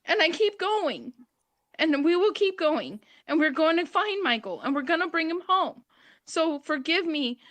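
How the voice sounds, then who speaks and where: Distraught mother pleading, high voice. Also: big pitch swings, normal speed, fairly bright tone, no room sound. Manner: pleading, raw, repeating herself. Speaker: mother of a missing child. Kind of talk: emotional plea on a livestream call.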